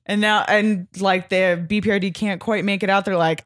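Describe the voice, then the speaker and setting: A woman co-hosting a comics podcast, chatty and giggly, swearing casually in relaxed chat. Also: mid-range voice, moderate pace, no echo, clean studio sound. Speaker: podcast co-host.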